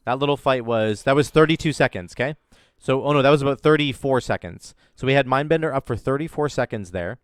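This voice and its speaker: A man's voice: mid-range voice, quick pace, dry recording, clean studio sound. A man giving enthusiastic, casual commentary over his own video game footage, explaining as he plays. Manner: enthusiastic, explains while playing. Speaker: gaming content creator. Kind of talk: gameplay commentary.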